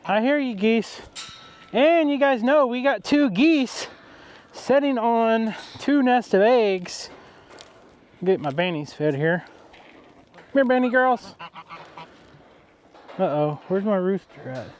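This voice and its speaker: A man's voice: high voice, animated, takes it slowly, pauses often, slight background noise. A man, an easygoing farmer chatting outdoors on his farm and talking to his animals. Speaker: farmer, vlogger. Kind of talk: casual farm vlog.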